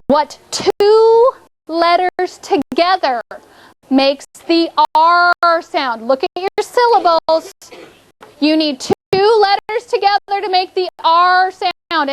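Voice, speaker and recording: A woman's voice: extremely high pitch, no room sound, poor audio. A woman teaching a classroom, coaxing pupils through call-and-response prompts. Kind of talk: classroom instruction.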